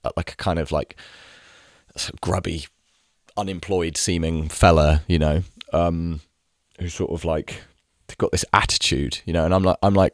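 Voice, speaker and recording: Man, casual vlog rant, low voice, restless and profane, lots of fillers. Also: normal speed, no echo, clean studio sound. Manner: agitated, many fillers and restarts; swears freely. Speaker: vlogger.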